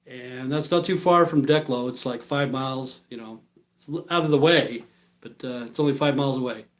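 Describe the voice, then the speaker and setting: Man, 60s, live-stream storyteller; blunt, profane, filler-heavy delivery that trails off, mid-range pitch. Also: moderate pace. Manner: rambling, filler-heavy, trails off quietly at phrase ends. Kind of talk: casual rambling storytelling.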